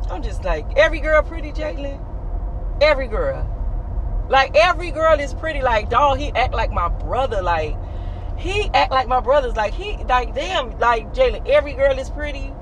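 A woman chatting casually to her phone camera as a vlogger, blunt and animated, swearing often and laughing as she talks. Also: high-pitched, normal speed, a little hiss or hum. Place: car, then home.

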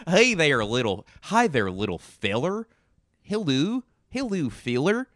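A man's voice: fairly high pitch, big pitch swings, a little slow, fairly bright tone, no room sound, pitched above the performer's own voice. A man putting on a cheerful, folksy Midwestern man who drawls out friendly greetings.

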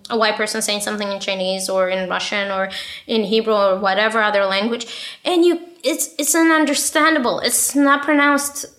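A young woman in a casual interview, talking quickly and bluntly about her own story, swearing freely and filling her talk with "like" and "right?". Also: medium pitch, steady tone, fairly bright tone. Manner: fast, blunt and passionate, swears a lot; many fillers like "like" and "right?".

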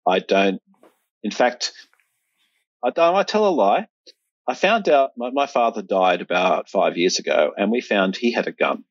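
A man's voice: lowish voice, animated, a little slow, no echo. A middle-aged Australian man in casual conversation, rambling with restarts and fillers. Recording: dull, lo-fi sound.

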